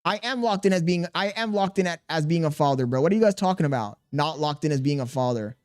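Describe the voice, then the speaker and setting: A man's voice: fairly high pitch, expressive, quick pace, a little mellow. A man in his thirties, a streamer reading chat aloud and venting in an exasperated, defensive way with casual slang.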